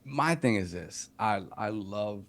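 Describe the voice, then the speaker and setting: A man co-hosting a casual gaming podcast, sharing his reaction in an easygoing way, thinking aloud with ums and small pauses. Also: fairly low pitch, expressive, a bit bright. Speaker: podcast co-host.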